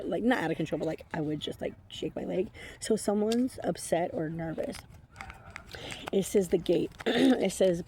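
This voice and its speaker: A woman giving a casual, rambling oracle card reading, chatty and quick to laugh, with the odd swear word. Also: on the low side, mellow, a little hiss or hum. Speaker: intuitive oracle card reader.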